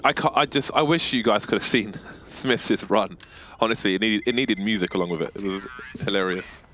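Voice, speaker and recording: Man, esports play-by-play caster, lower voice, bright tone, jokey banter. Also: slight background noise. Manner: quick joking banter between calls. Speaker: esports commentator. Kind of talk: play-by-play game commentary.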